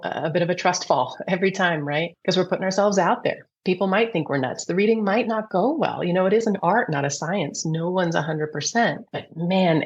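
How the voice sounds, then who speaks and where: A middle-aged woman, a reiki teacher and psychic medium, telling stories in an earnest, animated interview manner. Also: fairly low pitch. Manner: animated, earnest storytelling with restarts. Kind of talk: conversational interview. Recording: muffled lo-fi audio.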